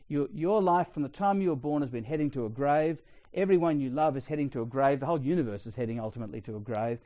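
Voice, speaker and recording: A middle-aged Australian man preaching a sermon in a chatty, storytelling way with quick asides. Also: mid-range voice, warm tone, no echo, lo-fi sound.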